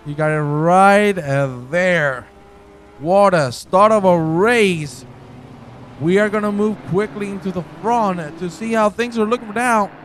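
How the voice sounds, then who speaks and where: Brief: male race commentator, high and excitable, shouts at big moments, faint background hiss. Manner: excitable, shouts and exclaims at crashes, chats with viewers. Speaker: sim racing commentator.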